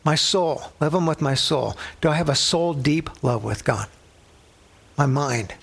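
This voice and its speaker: A man's voice: a little high, a little slow, gravelly, breathy edge. A middle-aged male pastor teaching a sermon in a conversational way, telling personal stories and using a coffee cup as a prop.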